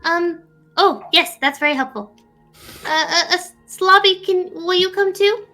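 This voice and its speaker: A tiny male mushroom creature squeals in a very high, bright voice, as a woman puts him on in a tabletop game. He rushes and repeats himself, frantic and jittery. Faint music plays underneath. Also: heavily acted. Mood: timid. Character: panicky tiny male shrieker mushroom familiar. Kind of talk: game master voicing a character.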